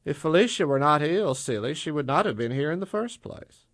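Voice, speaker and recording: A man reading a story voices a tall, mocking woman of power who teases and taunts in quick patter. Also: on the high side, expressive, a bit bright, no room sound, clean studio sound, voice pushed up. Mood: taunting.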